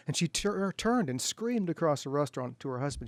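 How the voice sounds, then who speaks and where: A man's voice: on the high side, a little fast, few pauses, dry recording. Middle-aged guy author joking with a crowd, easygoing story voice, dry close sound. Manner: relaxed anecdotal delivery with self-deprecating humor. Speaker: author speaking at a book event. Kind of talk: humorous storytelling talk to an audience. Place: bookstore event.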